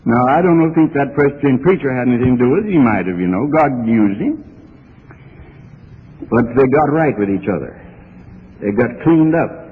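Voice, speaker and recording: A middle-aged male preacher tells a story during a church sermon, his mid-range voice animated and earnest, growing more fervent as he goes. He speaks at normal speed with long pauses. The archival recording sounds phone-like and reverberant, with a little hiss or hum.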